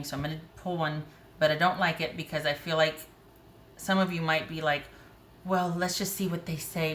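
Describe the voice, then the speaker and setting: Woman, tarot reader, low-pitched, candid and conversational, faint hiss in an echoey room. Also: fairly bright tone. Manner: frank, conversational, talks to herself while pulling cards. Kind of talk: tarot reading to camera.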